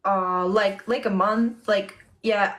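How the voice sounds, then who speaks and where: A woman's voice: medium pitch, steady tone, slow pace, fairly bright tone. A woman musician as a podcast guest in casual chat, joking and laughing along.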